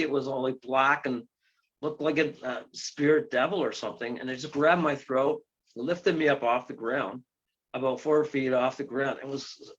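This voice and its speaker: A man, a guest who leads ghost tours and investigations, telling a long story in an interview, rambling with many fillers, restarts and excited exclamations. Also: mid-range voice, breathy edge. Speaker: guest, ghost tour guide and paranormal investigator. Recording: dull lo-fi sound.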